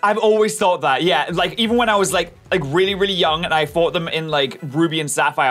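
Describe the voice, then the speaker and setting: A young man, chatting casually and excitably while playing a video game. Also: fairly high pitch, brisk, hardly any pauses, faint music behind. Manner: animated, excitable, swears casually. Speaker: co-host of a gaming video. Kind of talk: casual chat over gameplay.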